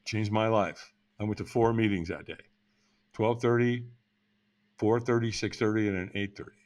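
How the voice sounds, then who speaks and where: A man's voice: fairly low pitch, fairly even intonation, moderate pace, a little mellow. A man in his sixties telling his life story as a podcast guest, frank and blunt with casual swearing. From United States. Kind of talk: candid personal storytelling.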